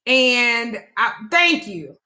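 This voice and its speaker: A woman hosting a live call-in talk show, telling a personal story in a blunt, profane and animated way. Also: fairly high pitch, very slow. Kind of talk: casual storytelling chat.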